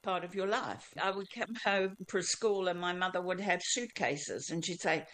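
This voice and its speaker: A woman's voice: fairly low pitch, moderate pace, hardly any pauses, a bit bright. An older woman with a mixed Australian and South African accent, telling her life story as an interview guest.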